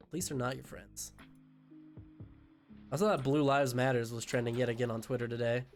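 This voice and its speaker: A man's voice: mid-range voice, normal speed, soft background music. A young man with a voice worn by sickness, chatting casually on a live stream, joking, swearing and answering chat. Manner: swearing, jokey, reads chat aloud. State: sick, voice going out.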